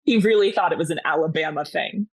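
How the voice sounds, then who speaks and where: A woman's voice: low voice, fast, slightly rough. A woman from Massachusetts, a podcast guest, telling a story in casual chat and acting out the dialogue.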